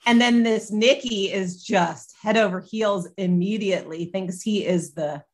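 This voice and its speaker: A woman's voice: mid-range voice, a little slow. A woman co-hosting a casual chat, enthusiastic and emphatic, steering the talk with questions. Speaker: podcast co-host.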